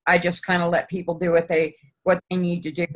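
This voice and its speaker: A woman hosting an interview, talking hesitantly with many pauses and restarts. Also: on the low side, flat delivery, poor audio. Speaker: host. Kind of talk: casual interview.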